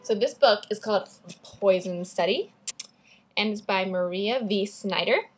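A woman's voice: mid-range voice, a little slow, husky. A teenage girl talking about books in a bubbly, chatty vlog, often drifting off topic, recording at school. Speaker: book vlogger. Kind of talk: casual book talk vlog.

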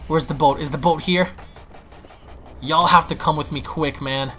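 A young man giving excitable, panicky gameplay commentary, stammering and restarting as he plays. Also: fairly high pitch, moderate pace, a little hiss or hum. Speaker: gaming YouTuber.

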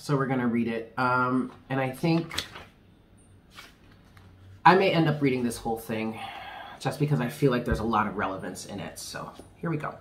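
A man's voice: medium pitch, normal speed, long pauses, slight background noise. A man doing a casual tarot reading for viewers, chatty and candid, laughing often. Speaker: tarot reader.

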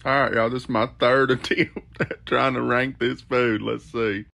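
A man's voice: mid-range voice, steady tone, moderate pace, creaky, pushed and bright, soft background music. A man bluntly ranking food in a casual video, swearing and laughing at himself.

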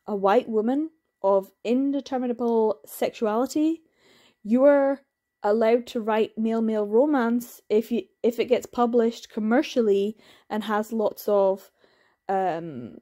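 A woman's voice: fairly high pitch, unhurried, mellow. A woman giving casual, opinionated book reviews in a chatty, candid way, laughing now and then. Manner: acts out quoted voices, laughs.

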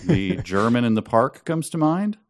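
A man's voice: mid-range voice, very animated, moderate pace. A man co-hosting a podcast, chatting casually about a book and reading passages aloud in mocking voices. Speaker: podcast co-host. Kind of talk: casual book-discussion chat.

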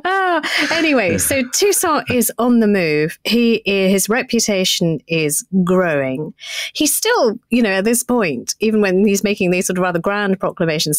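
A woman's voice: mid-range voice, no echo, studio quality. A woman co-hosting a history podcast, chatting conversationally and putting questions to her co-host. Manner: conversational, asks questions, lively. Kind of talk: casual history chat.

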